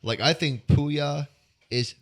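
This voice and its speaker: A man's voice: a little high, slow. Nasal, rambling podcast co-host guy. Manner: rambling, profane, joking. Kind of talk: casual chat.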